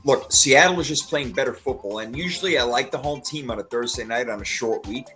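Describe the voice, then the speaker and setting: A man co-hosting a casual sports podcast, reacting quickly and laughing often as he makes his picks. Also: medium pitch, pushed and bright, faint music behind. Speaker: podcast co-host.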